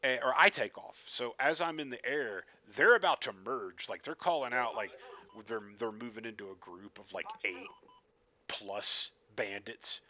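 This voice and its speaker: A man's voice: mid-range voice, normal speed, pushed and bright, dull audio. A man telling a casual, self-deprecating story about his flight sim session, rambling and swearing freely. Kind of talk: casual storytelling over gameplay.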